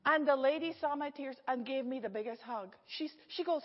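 A high-voiced, middle-aged woman tells a personal story from the pulpit, lively and quick to laugh as she acts out each character. Her voice rings through a reverberant church hall, and the recording sounds slightly dull. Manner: animated, laughs often, acts out the people in her stories. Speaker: preacher. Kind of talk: storytelling sermon.

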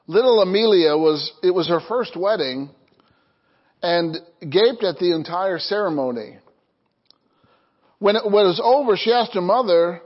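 A pastor with a notably high voice delivers a sermon, mixing light jokes with scripture. He chuckles easily and keeps checking in with his congregation. The recording is somewhat dull and lo-fi. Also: measured pace. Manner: chuckles through jokes, calls "amen?" to the congregation.

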